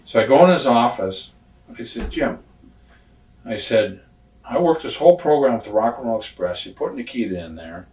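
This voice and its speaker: An older man in his sixties tells stories in a casual interview, blunt and profane, and acts out the other people's lines as he goes. His voice sits at an ordinary mid pitch. The room sounds roomy and the mic is set some way off from him. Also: expressive, normal speed, darkish tone, far from the mic. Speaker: retired pro wrestler telling stories. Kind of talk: casual shoot interview storytelling.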